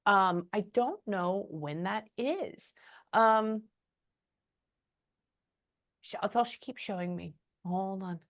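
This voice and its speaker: A woman giving a casual spoken reading as a psychic medium, often pausing and muttering "hold on" while she thinks. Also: mid-range voice, a bit bright.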